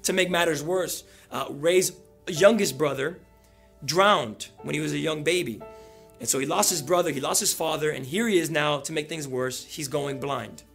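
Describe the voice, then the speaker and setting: A male pastor preaching a sermon, telling a story and building to loud emphatic peaks. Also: a little high, normal speed, gravelly, faint music behind.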